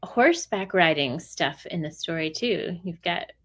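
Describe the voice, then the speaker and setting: A woman's voice: lowish voice, expressive, a little slow. A woman hosting an interview, friendly and encouraging, who laughs along with her guest. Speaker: interview host. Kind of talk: casual interview chat.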